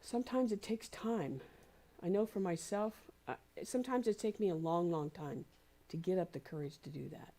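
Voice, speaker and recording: Gentle low-voiced woman minister preaching. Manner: gentle, encouraging, repeats phrases slowly for emphasis. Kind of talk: sermon. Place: spiritual community center.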